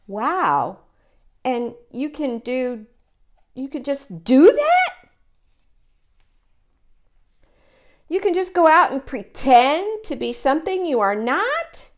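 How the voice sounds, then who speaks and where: A woman reading aloud, voicing an anxious, cautious male elephant who wonders slowly and worries easily. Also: mid-range voice, very animated, pitched below the performer's own voice. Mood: wondering. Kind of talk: picture book read-aloud.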